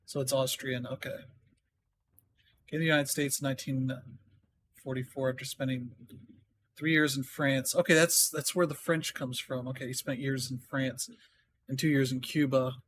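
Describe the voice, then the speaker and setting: A man's voice: mid-range voice, steady tone, moderate pace, pauses often, a bit bright, a little hiss or hum. A man streaming a game, chatting casually and thinking aloud as he reads up on things. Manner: thinking aloud, reading notes half to himself. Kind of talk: casual live-stream commentary.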